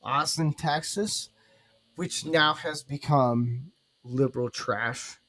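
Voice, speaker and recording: A man's voice: on the high side, slow pace. A man hosting a casual podcast, trading crude, teasing jokes with his guests. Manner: crude, teasing banter with loud laughs. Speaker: podcast host. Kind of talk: casual chat.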